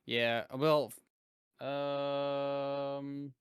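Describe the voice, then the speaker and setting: A man's voice: mid-range voice, level tone, extremely slow, smooth, dry recording, studio quality. A man playing a tabletop game, speaking in a hesitant, casual way. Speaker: player.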